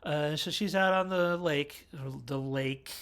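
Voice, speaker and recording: A man's voice: on the high side, slow, fairly bright tone, clean tone. A man giving a casual, rambling movie review with wry asides and frequent self-corrections. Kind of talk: casual film review monologue.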